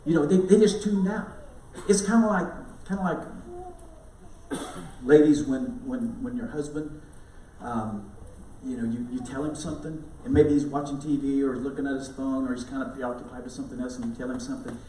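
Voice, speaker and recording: A man's voice: mid-range voice, normal speed, mellow, a little hiss or hum. A man preaching an Easter sermon to his congregation in a conversational, storytelling way, with frequent asides to the listeners. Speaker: pastor. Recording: roomy echo, mic at a distance.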